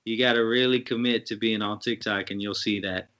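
A man's voice: fairly low pitch, fairly even intonation, fairly quick, a bit bright, highs cut off. A man co-hosting a casual podcast, joking around and swearing freely. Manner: profane, joking banter. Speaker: podcast co-host.

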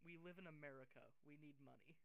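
A man's voice: on the high side, fairly even intonation, fast talker, creaky, fairly bright tone, rough recording. A man co-hosting a casual podcast with friends, joking and laughing often. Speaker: podcast co-host. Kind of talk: casual chat among friends.

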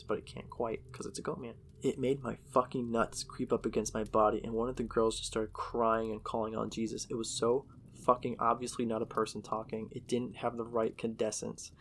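A man's voice: mid-range voice, gravelly, a little hiss or hum. A man casually narrating a horror story in a profane, conversational way.

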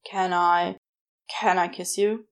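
A woman's voice: fairly low pitch, fairly even intonation, slow, clean tone, pitched below the performer's own voice. A woman voicing a wry, sulky male demon in a podfic reading. He talks in a self-mocking, hesitant way. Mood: flustered.

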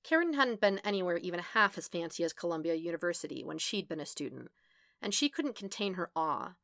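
A woman narrating a story as a podfic reader, in a steady, even storytelling manner. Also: on the low side, fairly quick, creaky, no echo, clean studio sound. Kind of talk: scripted narration.

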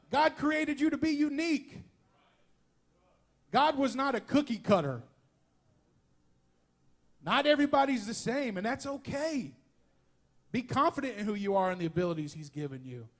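Male pastor, high voice, folksy animated sermon with jokes and asides. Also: a little fast, long pauses. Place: church sanctuary.

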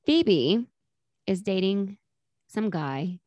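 A woman's voice: mid-range voice, lively intonation, extremely slow, warm tone, dry recording. A woman co-hosting a casual chat, recapping a sitcom episode and quoting the characters in little voices. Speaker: podcast co-host.

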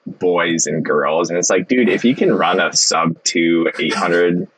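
A man's voice: sits low, measured pace, fairly bright tone, slightly rough, poor audio. A man co-hosting a podcast, chatting casually and joking, with a laid-back, profane manner. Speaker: podcast co-host. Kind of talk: casual chat.

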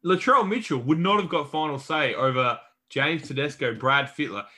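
Bright-voiced blunt Australian man. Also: on the high side, moderate pace. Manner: blunt, swears, frequent restarts. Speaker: podcast co-host. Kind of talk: casual sports chat.

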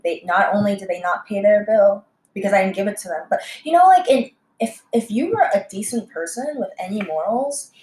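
A young woman, a restaurant server, telling a story in a casual, heated, profane way, full of fillers and sudden jumps in pitch. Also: a little mellow. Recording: echoey room.

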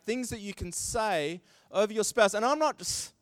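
Male pastor, high and lively delivery, dry close sound, sermon. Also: moderate pace, smooth, no echo. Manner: animated, acts out quoted voices, self-deprecating asides.

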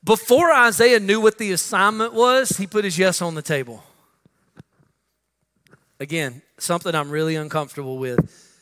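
A male pastor preaching a sermon, swinging between loud emphatic lines and hushed ones. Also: high-pitched, moderate pace, pauses often. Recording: long reverb with faint music.

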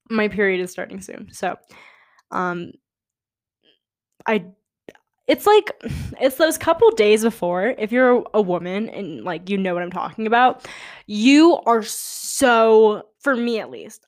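A young woman hosting a podcast, talking casually on her own in a chatty, rambling way with dramatic asides. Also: medium pitch. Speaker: podcast host. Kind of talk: casual solo chat.

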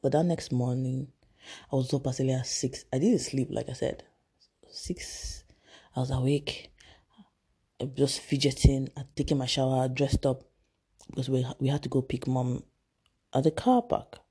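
A young woman, telling a personal story in a halting, emotional way with many restarts. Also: very deep voice, steady tone, mellow, slightly rough. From Nigeria. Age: young adult.

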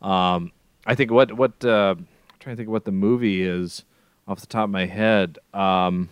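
A man co-hosting a podcast, chatting casually about films in a rambling, animated way with lots of restarts. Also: fairly low pitch, moderate pace, clean tone, dry recording. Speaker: podcast co-host. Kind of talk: casual film chat.

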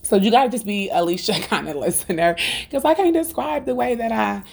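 A middle-aged woman talking through her faith podcast with a gravelly, husky voice. She tells stories in a loose, animated way and breaks into laughter between her thoughts. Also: medium pitch, fairly quick. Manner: animated storytelling, acts out family dialogue. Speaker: podcast host. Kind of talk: unscripted faith podcast talk.

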